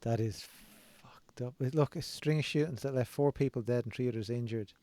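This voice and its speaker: A man hosting a podcast interview, relaxed, laughing along and giving short reactions. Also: medium pitch, brisk. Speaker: podcast host. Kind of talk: casual interview chat.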